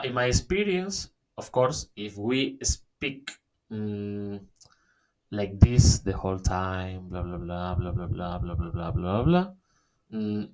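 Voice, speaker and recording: Slow-talking man giving a webinar. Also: on the low side. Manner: halting, many fillers and restarts, says "okay?" often. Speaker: webinar presenter. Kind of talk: online workshop talk.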